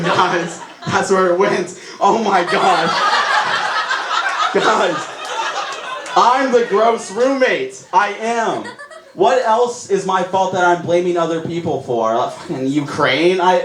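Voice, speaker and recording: Young male stand-up, slightly high voice, self-mocking and excitable; live echoey club recording. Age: young adult. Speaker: stand-up comedian. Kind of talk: stand-up routine. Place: comedy club stage. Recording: echoey live room, audience noise. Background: audience laughter.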